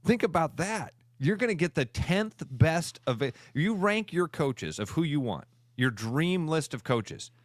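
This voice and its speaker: A man's voice: a little high, sing-song, a little slow, hardly any pauses, dry recording, studio quality. A man co-hosting a sports talk radio show, arguing his point emphatically and ranting about money in college sports.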